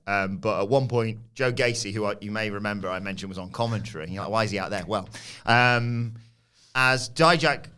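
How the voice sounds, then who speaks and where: A man on a podcast, recapping a wrestling show and acting out quotes with loud shouts and laughs. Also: on the low side, clear, resonant tone. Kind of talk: casual chat.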